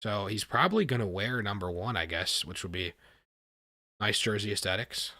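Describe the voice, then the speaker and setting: An excitable man hosts a live stream and reacts as the picks come in. His voice sits low, and he keeps repeating himself and talking to his chat. The sound is dry and close, with no room around it. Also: moderate pace, no echo. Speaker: livestream host reacting to a draft.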